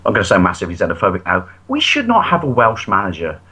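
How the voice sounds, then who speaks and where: A man's voice: lowish voice, wildly swooping pitch, fast, sharp tone, low-quality recording. An English man co-hosting a podcast, chatting casually in profane, jokey rants. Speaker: podcast co-host. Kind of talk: casual chat.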